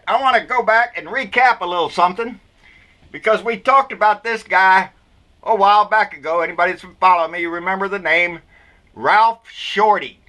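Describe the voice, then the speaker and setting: A man's voice: sits high, sharp tone. A man with a Texan accent delivering a blunt, folksy political rant full of cussing and indignation. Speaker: political vlogger.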